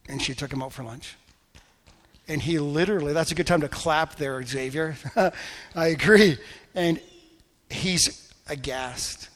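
Male pastor preaching, kinda high voice, earnest storytelling, big echoey church hall. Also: unhurried, long pauses. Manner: storytelling, earnest, drops to soft intensity and rises in fervent prayer. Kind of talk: sermon. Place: church sanctuary before a congregation.

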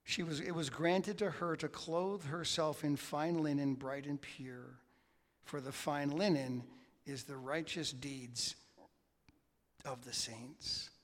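A man preaching a sermon as pastor, swinging between hushed asides and loud, emphatic peaks. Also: on the high side, fairly even intonation, slow. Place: church sanctuary. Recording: long hall reverb.

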